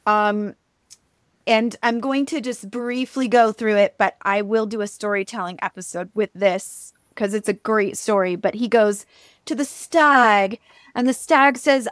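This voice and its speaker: Chatty woman, animated podcast storyteller. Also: on the high side, normal speed, smooth, no room sound, studio quality. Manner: chatty, animated, with frequent ums and likes. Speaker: podcast co-host. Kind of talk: casual storytelling chat.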